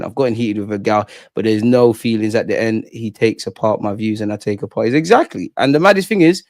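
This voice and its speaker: A young man with a London accent hosts a casual livestream chat, using slang and reading out viewer comments. His voice is fairly high and darkish in tone, and there is no echo.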